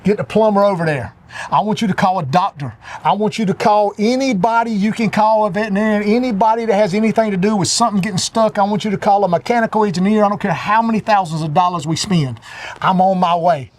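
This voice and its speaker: Man doing a panicked wealthy father, commanding and rushed. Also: high voice, natural voice. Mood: urgent. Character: rich, doting father in a panic.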